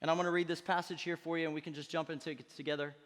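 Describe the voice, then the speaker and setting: A man preaching a sermon as pastor, energetic and conversational, with playful asides to his congregation. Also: a little high, rapid-fire, big-room sound. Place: church auditorium.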